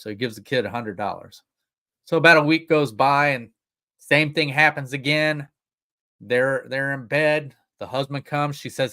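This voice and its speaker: A man's voice: medium pitch, moderate pace, sharp tone. A man co-hosting a family livestream, telling a long joke in a folksy, rambling way. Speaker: livestream co-host. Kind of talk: casual family chat, telling jokes.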